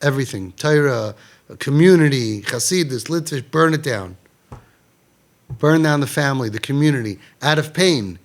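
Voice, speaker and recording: A man giving an emphatic Torah talk, swinging between loud, dramatic lines and hushed ones. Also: mid-range voice, expressive, normal speed. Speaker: Jewish inspirational speaker.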